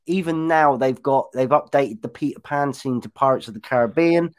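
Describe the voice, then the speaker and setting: A man's voice: medium pitch, moderate pace. A man co-hosting a podcast in casual chat, rambling into stories and restarting sentences. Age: young adult or older. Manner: chatty, rambling storyteller who trails off and restarts. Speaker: podcast co-host.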